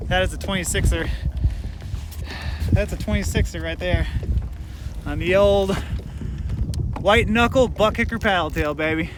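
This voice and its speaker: A man, excitedly narrating his fishing out on the water in a hyped, exclamatory way. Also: high-pitched, measured pace, long pauses, background noise. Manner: hyped and exclamatory, keeps shouting "heck yeah, baby". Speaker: fishing vlogger. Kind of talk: excited play-by-play while fishing. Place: outdoors on a kayak on open water. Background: loud background music.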